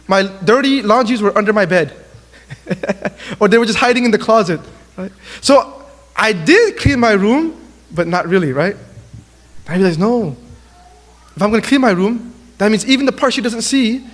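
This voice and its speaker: Man, high-pitched, youth sermon, animated storyteller, big reverberant hall. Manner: animated storytelling, acts out quotes. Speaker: youth speaker. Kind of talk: sermon to young people.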